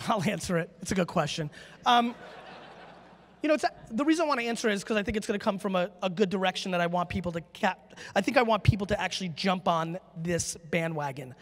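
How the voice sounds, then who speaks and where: A high-voiced man speaks from a conference stage, brash and emphatic, swearing freely as he drives his points home. His voice rings out with the long reverb of a big hall. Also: brisk, fairly bright tone. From United States. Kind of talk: live stage talk with audience Q&A.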